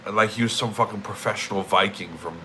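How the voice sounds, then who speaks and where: Low-voiced, rambling, profane young man streaming. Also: fairly quick, pushed and bright, a little hiss or hum, low-quality recording. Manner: rambling, profane, emphatic with repeated words. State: just woke up. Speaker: livestreamer. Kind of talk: casual streaming rant.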